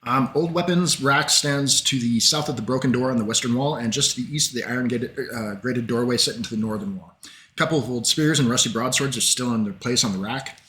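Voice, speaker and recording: A man with a cough narrating a tabletop game as game master, halting, with many fillers. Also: medium pitch, fairly bright tone. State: coughing, sore throat. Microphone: desk mic, online session.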